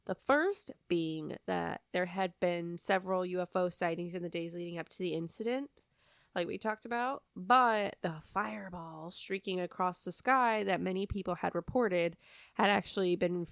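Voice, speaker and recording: A woman with a somewhat low voice tells a story as a podcast co-host, chatty and self-deprecating, with plenty of ums and likes. The sound is dry and close, with no room echo. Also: normal speed, vocal fry, clear, resonant tone.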